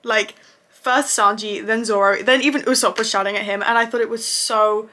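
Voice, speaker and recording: A woman casually reviewing anime episodes for her channel, gushing and excitable and swearing freely. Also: fairly high pitch, moderate pace.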